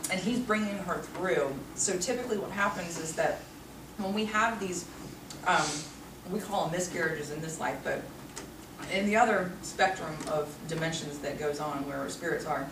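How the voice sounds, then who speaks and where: A woman working as a psychic medium who gives a group reading to an audience, talking in a warm, chatty way full of "you know.". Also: on the low side, normal speed, distant mic. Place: room with a small audience. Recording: echoey room recorded from afar, noisy.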